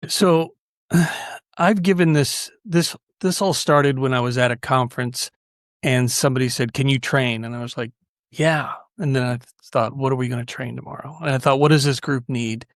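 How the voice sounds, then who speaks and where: A podcast host with a medium-pitched voice and moderate pace tells stories conversationally, earnestly and with animation, often restarting his sentences. The recording is studio quality, with no echo.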